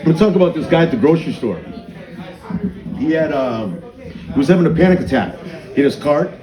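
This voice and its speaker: A stand-up comedian with a higher-pitched, expressive voice speaks a little fast through crude tales at a small bar's open mic night. He acts out the lines of his profane stories, and the echoing room carries audience noise and crowd reactions.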